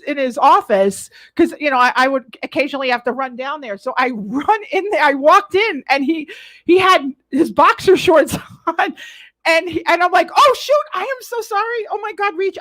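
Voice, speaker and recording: With a high-pitched voice, this chat show co-host laughs her way through lively stories and belts out acted-out quotes in a casual setting.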